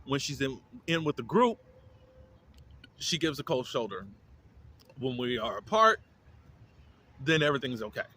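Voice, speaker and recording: A man's voice: mid-range voice, very animated, measured pace, long pauses, bright, forceful tone. A man giving a casual, opinionated recap of a TV episode, with lots of fillers and restarts. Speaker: reality TV reviewer.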